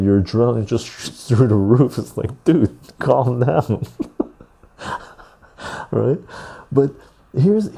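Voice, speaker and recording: A man hosting a podcast, chatting casually and reading the live chat, calm and unhurried, swearing freely and laughing often. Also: lowish voice, creaky, breathy edge.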